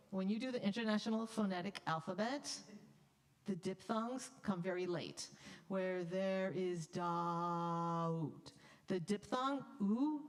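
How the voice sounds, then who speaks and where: A woman choir director coaching a choir in rehearsal, upbeat and brisk, breaking into sung demonstrations. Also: medium pitch, low-quality recording.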